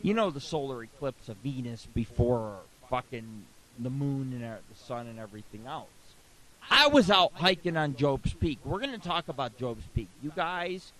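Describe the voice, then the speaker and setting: A man's voice: a little high, low-quality recording. A middle-aged man hosting a radio talk show, telling crude rambling stories with constant swearing. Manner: profane, rambling, animated.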